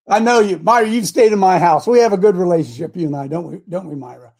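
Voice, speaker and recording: A middle-aged man hosting a casual morning show, rambling and repeating himself, with sudden loud outbursts. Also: sits high, fast. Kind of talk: casual live-stream talk.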